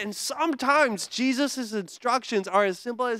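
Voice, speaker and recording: A male pastor preaching a sermon in an energetic, conversational way, with playful asides. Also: extremely high pitch, normal speed, few pauses, no room sound, clean studio sound.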